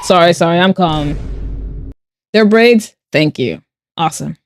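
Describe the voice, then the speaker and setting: A woman's voice: on the low side, unhurried, faint music behind. A woman art streamer who chats casually while she draws. She reads her chat aloud, answers with playful sarcasm and laughs often.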